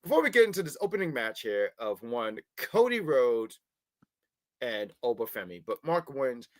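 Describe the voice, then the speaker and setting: A man hosting a casual wrestling review podcast, talking in an animated, rambling way with frequent restarts. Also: medium pitch, moderate pace, dry recording. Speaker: podcast host.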